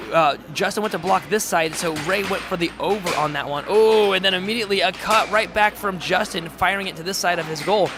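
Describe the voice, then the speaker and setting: Male live-stream commentator, high, hoarse, chatty, noisy venue. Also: quick pace, few pauses. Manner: excitable, chatty, reads chat aloud. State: voice going hoarse. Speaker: air hockey commentator and streamer. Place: tournament hall.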